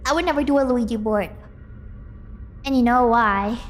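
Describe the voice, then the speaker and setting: A woman streamer chatting casually with her viewers, excitable and quick to laugh. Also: a little high, slight background noise. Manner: excitable, bursts into squealing and laughter. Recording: faint music in the background.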